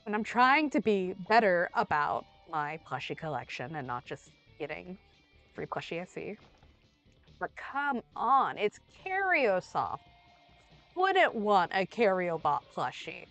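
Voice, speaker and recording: A young woman streaming a game and chatting casually, rambling and playful, with sudden loud outbursts, while she is under the weather. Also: fairly low pitch. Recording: faint music behind.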